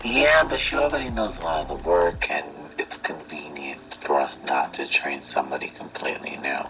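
A man's voice: a bass voice, normal speed, music in the background, low-quality recording. A man voicing a smug, snarky CEO. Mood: crude. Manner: snarky, teasing drawl. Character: smug, flirtatious male CEO, condescending. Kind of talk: audiobook drama reading.

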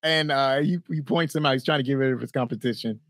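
A man's voice: medium pitch, fast, a bit bright, dry recording. Brief: male podcast host, rambling plot recap, close dry sound. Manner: rambling plot recap with frequent laughs and "right, right". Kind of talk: casual movie review chat.

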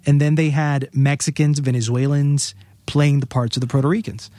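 A man talking as a guest film critic in a casual podcast chat, animated and quick to laugh. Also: on the high side, dry recording.

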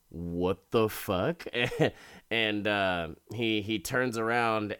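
A man's voice: on the low side, bright, forceful tone, smooth. A man casually recapping a story, profane and rambling, often repeating words.

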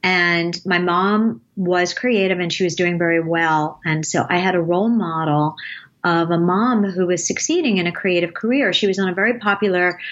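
Her pitch fairly low and a bit bright, this advertising creative in her late fifties guests on an interview, spinning rambling stories punctuated by frequent laughter. The audio's high frequencies are cut off.

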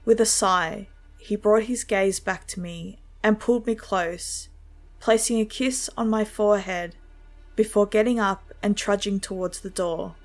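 Woman narrating a horror story, measured. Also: medium pitch, steady tone, faint music behind.

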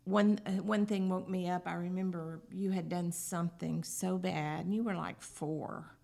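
Gravelly low-voiced older woman. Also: steady tone, moderate pace, dark tone. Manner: chatty, laughing. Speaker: guest, host's mother. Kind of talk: casual family conversation.

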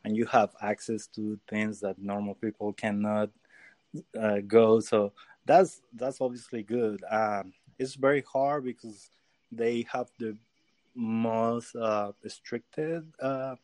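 Slow, hesitant man searching for words. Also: on the low side, steady tone, a little mellow, dry recording. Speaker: sports photographer guest. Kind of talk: casual interview chat.

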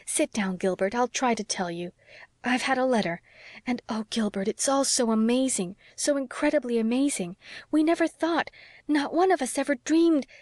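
A woman reading the part of an excitable young wife, eager and breathless. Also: normal speed, no echo, clean studio sound, lightly acted. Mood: excited. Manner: breathless, excited, rising pitch.

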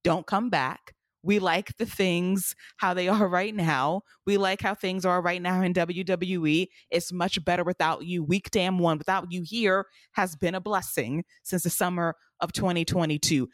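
A woman's voice: lowish voice, fairly even intonation, a little slow, hardly any pauses, no echo, clean studio sound. A woman co-hosting a podcast, talking bluntly and emphatically in casual chat, with some profanity. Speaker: podcast co-host.

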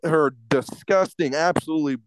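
High-voiced man ranting in casual chat. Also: normal speed, noisy background. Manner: profane ranting with stumbling restarts. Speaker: podcast co-host.

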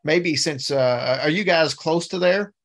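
A man's voice: on the high side, unhurried, fairly bright tone. Guy hosting a podcast, easygoing, rambles into his questions. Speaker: podcast host. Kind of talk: casual interview.

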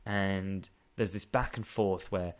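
Wry low-voiced man chatting. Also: fairly even intonation, takes it slowly. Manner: wry, exasperated, laughs often. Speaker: podcast co-host. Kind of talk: casual chat reviewing a film.

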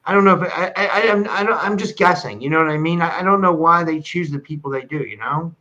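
A man's voice: a little high, quick pace, sharp tone. A man hosting an interview who rambles, stammers and asks eager questions. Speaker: podcast host. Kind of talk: conversational interview. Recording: dull, lo-fi audio.

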